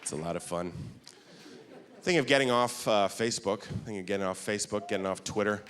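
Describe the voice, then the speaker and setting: A man doing a stand-up comedy set on a club stage, animated and quick to jump into silly voices, recorded live with audience laughter. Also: on the low side, crowd noise, noisy background.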